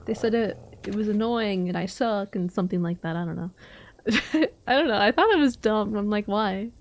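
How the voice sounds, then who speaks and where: A woman's voice: medium pitch, normal speed, dry recording. A young woman streaming a game live, chatting casually, laughing often and answering her chat.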